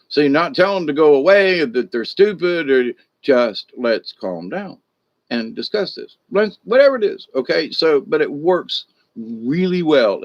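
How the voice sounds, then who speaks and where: This spiritual discussion host is a middle-aged man whose mid-range voice comes through with no echo. His talk is casual and folksy, wandering along and circling back over the same points.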